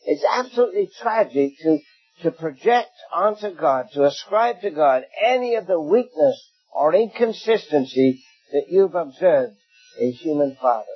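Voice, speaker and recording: An older preacher with an English accent, high-pitched and a little husky. He delivers his sermon with anecdotes and gentle humor. The recording is dull and lo-fi, with faint music underneath. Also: expressive, moderate pace. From England.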